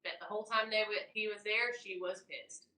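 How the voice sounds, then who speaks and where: Bright-voiced woman telling a ghost story. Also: mid-range voice, a little fast. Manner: animated storyteller, swings between loud and hushed. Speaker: podcast co-host. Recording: roomy, distant mic.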